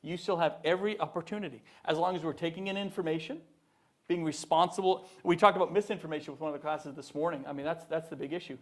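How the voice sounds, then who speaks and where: Middle-aged man, former politician addressing a student audience, emphatic and animated, higher-pitched voice, lots of restarts. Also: fast. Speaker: former governor giving a talk. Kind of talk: public speech to students. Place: university event hall.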